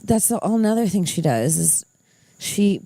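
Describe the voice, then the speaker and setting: A young woman telling family stories in a casual podcast chat. She talks in an animated way, laughs often and swears freely. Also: mid-range voice, a little slow, gravelly, husky, dry recording.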